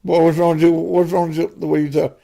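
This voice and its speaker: A man voicing a gruff, bewildered father, a tough former football player, who barks loud, demanding questions. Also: a little high, little pitch movement, fast, voice pushed up.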